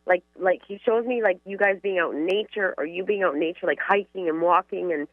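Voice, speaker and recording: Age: adult. Sex: woman. Style: gentle, filler-heavy medium talk over a dry, phone-like line. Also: on the low side, brisk, no echo. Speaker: psychic medium, co-host. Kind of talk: relaying spirit messages in casual chat.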